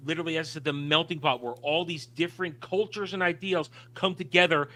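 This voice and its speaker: A man's voice: a little high, fast, bright, forceful tone. A man co-hosting a casual film discussion, talking emphatically and opinionatedly with frequent restarts. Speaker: podcast co-host.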